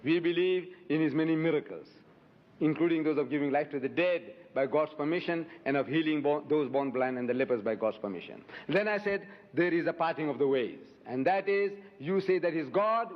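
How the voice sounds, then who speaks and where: Forceful rhetorical man in echoing hall. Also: a little high, expressive, brisk. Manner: forceful, rhetorical, repeats questions for emphasis. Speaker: debate speaker answering audience questions. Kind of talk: impassioned public debate rebuttal. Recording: lo-fi hall recording with long reverb.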